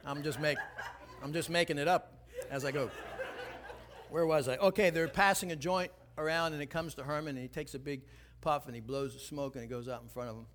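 A man preaching a sermon, telling a personal story with animated shifts between hushed, tense passages and rising emphasis. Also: fairly quick. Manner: animated storytelling, drops low and quiet for tense moments, then rises and preaches. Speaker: pastor.

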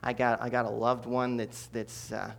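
A man preaching a sermon, quoting a sweet old woman in pain in a quiet, halting voice. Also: mid-range voice, flat delivery, gravelly, slight background noise. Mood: pleading.

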